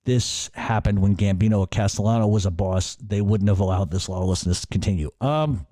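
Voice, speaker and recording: A middle-aged man, answering listener questions on his radio show in a loose, profane storytelling way. His voice sits low and warm. The recording is dry and close, with no room sound. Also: fairly quick, dry recording. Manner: blunt, profane, conversational, reads questions then answers. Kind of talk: casual Q&A storytelling.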